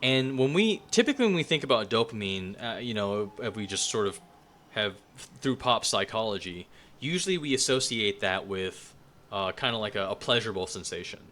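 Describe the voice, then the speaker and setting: A man's voice: lowish voice, expressive, fairly quick, fairly bright tone, slight background noise. A man giving a casual spoken lecture, talking loosely with plenty of fillers and restarts.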